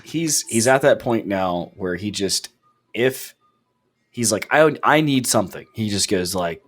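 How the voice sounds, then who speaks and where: A man co-hosting a casual podcast, telling stories in an animated way and acting out the dialogue. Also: fairly low pitch, slow. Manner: animated storyteller, acts out dialogue. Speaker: podcast co-host.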